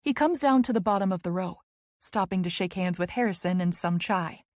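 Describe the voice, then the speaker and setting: A woman's voice: fairly low pitch, fairly quick, a little mellow, dry recording, clean studio sound. Woman narrating an emotional audiobook. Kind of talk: first-person audiobook narration.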